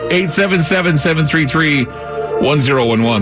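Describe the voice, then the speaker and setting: A man's voice: a little high, lively intonation, normal speed, music in the background. A man hosting a late-night talk radio show, joking and rambling into a studio mic.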